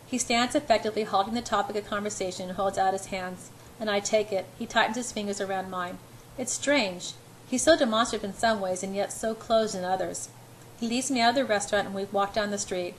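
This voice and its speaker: Woman narrator, amateur audiobook, earnest first-person reading, mid-pitched voice, faint background hiss. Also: a little fast, poor audio. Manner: earnest first-person storytelling, occasional stumbles.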